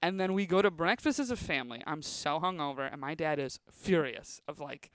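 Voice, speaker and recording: A woman's voice: deep voice, lively intonation, brisk, dry recording. A woman in her thirties, a comedian guest, telling stories in a rambling, casual way full of filler words on a podcast. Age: 30s.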